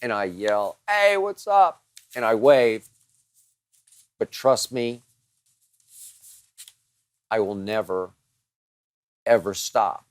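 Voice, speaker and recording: Slow, low-voiced emphatic male host. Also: steady tone, dry recording. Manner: dramatic, piles up emphatic words. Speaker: show host answering listener questions. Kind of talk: emphatic monologue answering mailbag questions.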